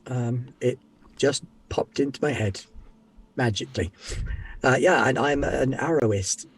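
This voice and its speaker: Husky man with a sore throat. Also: mid-range voice, measured pace. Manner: self-mocking, laughing banter. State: under the weather, sore throat. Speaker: player. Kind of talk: casual chat.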